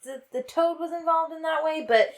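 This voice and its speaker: A woman with a notably high voice co-hosts a casual chat podcast. She reads a bizarre first-person account aloud in an amused tone. She keeps dissolving into giggles between the lines she reads. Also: moderate pace. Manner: giggly, reads aloud then breaks into laughter. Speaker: podcast co-host.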